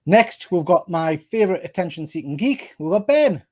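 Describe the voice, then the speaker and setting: A man's voice: high voice, very animated, moderate pace, a little mellow. A man with a Geordie accent hosting a casual live panel chat over a video call, joking and bantering with his guests. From North East England. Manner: chatty, jokey, friendly banter. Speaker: host.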